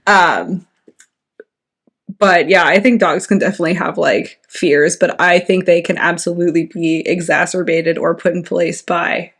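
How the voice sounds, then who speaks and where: A woman's voice: on the low side, fairly even intonation, moderate pace, fairly bright tone, breathy edge. Giggly woman podcast co-host. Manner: giggly, chatty. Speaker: podcast co-host, student pilot. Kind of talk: casual chat.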